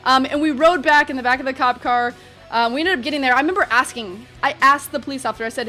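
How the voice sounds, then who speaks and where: A young woman vlogger telling a story in an animated, chatty way, full of fillers. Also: high-pitched, quick pace, soft background music. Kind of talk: storytime vlog.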